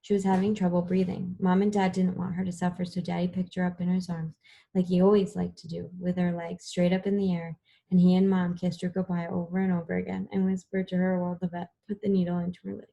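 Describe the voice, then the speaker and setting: Soft-spoken, husky woman audiobook reader. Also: lowish voice, level tone, fast, highs cut off. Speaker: audiobook narrator. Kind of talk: first-person audiobook narration.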